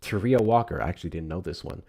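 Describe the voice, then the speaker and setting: A man's voice: low voice, fast talker, creaky, darkish tone. A man hosting a live political call-in stream, talking bluntly and heatedly.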